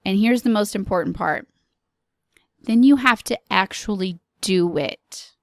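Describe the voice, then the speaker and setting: A woman hosting a podcast, giving an earnest, encouraging motivational talk in slow, deliberate phrases. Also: mid-range voice, darkish tone, no echo, studio quality. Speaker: podcast host.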